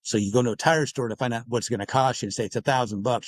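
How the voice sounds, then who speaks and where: With no room sound, a mid-range male voice moves at a quick pace. He's an author being interviewed on a podcast, explaining at length and slipping into acted-out quoted dialogue.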